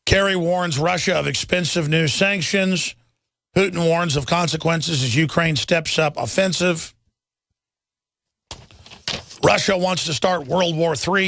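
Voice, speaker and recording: Middle-aged male talk radio host, gravelly and dry, urgent and emphatic. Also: on the high side, fairly bright tone, no echo. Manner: urgent, emphatic, reads headlines aloud. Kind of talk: impassioned talk radio monologue.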